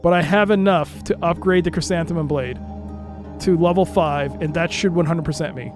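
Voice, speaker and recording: A streamer giving live gameplay commentary, exasperated, shouting and laughing at the game. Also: medium pitch, normal speed, over music.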